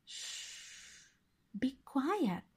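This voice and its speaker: A woman voicing a clever young boy in a storybook reading, calm and reassuring. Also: high voice, slow, pitched above the performer's own voice, full character voice.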